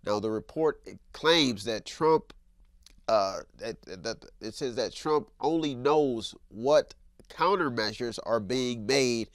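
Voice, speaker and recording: A man's voice: mid-range voice, takes it slowly, dry recording. A man hosting a news commentary show, talking emphatically and repeating himself, calling his listeners folks. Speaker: show host.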